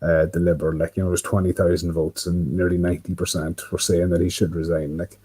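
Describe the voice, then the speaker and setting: A man's voice: low-pitched, level tone, fast, mellow, slightly rough, poor audio. An Irish man rambling casually on a livestream, full of fillers and swearing, talking to himself by a window. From Ireland. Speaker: livestream host. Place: indoors by a window.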